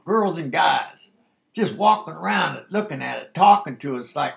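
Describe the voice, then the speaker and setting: A man's voice: fairly high pitch, animated, moderate pace, gravelly. A man in his sixties recounting a youthful memory in a laid-back, casual way, often saying "man". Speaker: storyteller recalling his youth. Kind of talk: casual spoken memoir.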